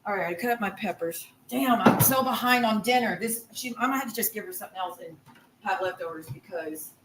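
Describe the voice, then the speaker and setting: A woman's voice: medium pitch, fairly quick, very noisy. A woman on a livestream, ranting in a heated, profane and rambling way while cooking in her kitchen. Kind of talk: angry livestream rant.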